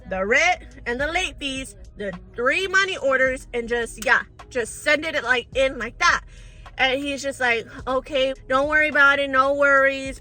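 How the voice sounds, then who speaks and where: High, bright-voiced young woman telling a story. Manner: chatty and exasperated, addresses viewers as y'all and girl. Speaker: storytime vlogger. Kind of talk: casual storytelling to viewers.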